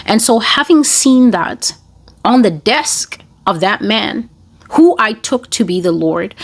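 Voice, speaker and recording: A woman who runs an online broadcast, slowly recounting a series of dreams as prophecy, in a deliberate, rambling way. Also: medium pitch. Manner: slow, deliberate, rambling storytelling.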